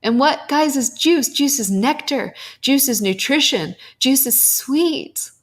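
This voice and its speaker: A woman's voice: high-pitched, lively intonation, slow. A young adult woman hosting a podcast, talking candidly and emotionally about spiritual teachings, with casual swearing.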